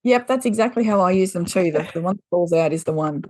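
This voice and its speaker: Australian woman, podcast guest, frank and salty, quick to laugh, dry close sound. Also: fairly low pitch, expressive, dark tone, no room sound. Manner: blunt, swears freely, laughs often. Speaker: guest, intuitive card deck creator. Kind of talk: casual podcast conversation.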